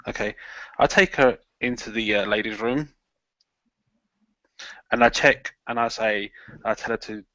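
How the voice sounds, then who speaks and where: A man's voice: fairly low pitch, fairly even intonation, unhurried, long pauses, a bit bright, no room sound. A man playing in a tabletop horror game, describing his character's actions in a rambling way full of "sort of" and "like", over a video call. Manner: rambling, restarts, many "sort of" and "like". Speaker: player. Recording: lo-fi online call audio.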